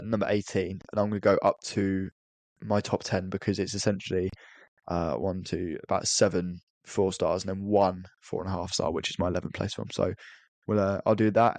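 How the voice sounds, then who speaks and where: A man's voice: sits low, a little mellow, dry recording. A man co-hosting a podcast, talking earnestly about films with frequent stammered restarts. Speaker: podcast co-host. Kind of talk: casual film review chat.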